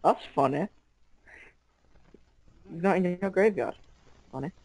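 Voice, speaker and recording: A man's voice: sits high, measured pace, darkish tone, dry recording. A man playing a card game against a friend, joking and mock-pleading as he loses. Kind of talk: casual chat while playing a card game.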